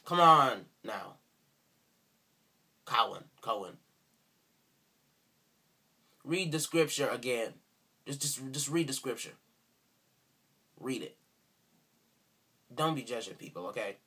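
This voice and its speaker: Bright-voiced indignant man ranting. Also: medium pitch, expressive, measured pace, pauses often, breathy edge. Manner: indignant, repetitive, sarcastic. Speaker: video commentator. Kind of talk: ranting response video.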